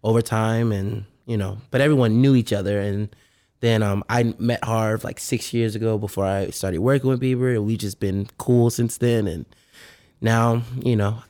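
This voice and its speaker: A man's voice: lowish voice, fairly even intonation, moderate pace, a little mellow. Laid-back man musician chatting. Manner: laid-back, filler-heavy, laughs often. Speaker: musician guest. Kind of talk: casual interview chat.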